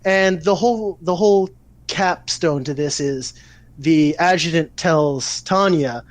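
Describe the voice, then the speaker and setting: A man with a somewhat high voice, chatting on a podcast and telling a story with lots of energy and cursing. He sounds close and dry on the mic, with no room around him. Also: slow, no echo. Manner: animated, swearing storyteller. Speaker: podcast co-host. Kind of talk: casual chat, retelling an anime plot.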